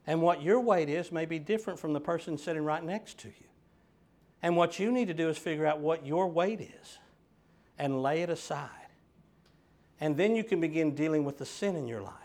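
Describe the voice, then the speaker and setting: A man's voice: fairly high pitch, moderate pace, long pauses, a little mellow. A man preaching a sermon, emphatic and direct with his listeners. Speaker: pastor.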